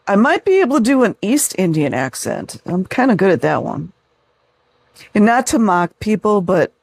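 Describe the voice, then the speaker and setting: A man's voice: sits high, gravelly, husky, dry recording. A man hosting a video, reading reviews aloud and adding sarcastic, mocking asides in casual commentary.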